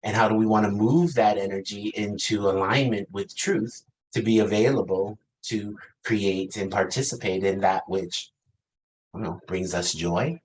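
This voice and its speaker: A man's voice: on the low side, low-quality recording. A man in his fifties preaching a reflective sermon, asking the congregation questions and laughing lightly between thoughts. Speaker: pastor.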